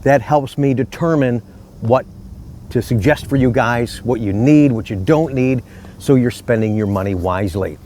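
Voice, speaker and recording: A middle-aged man hosts his own video channel from a park, speaking outdoors. He talks in a chatty, friendly way and tells stories easily. His voice sits at an ordinary pitch for a man. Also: normal speed, a little mellow, slight background noise. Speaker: car salesman and channel host. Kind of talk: casual outdoor vlog talk.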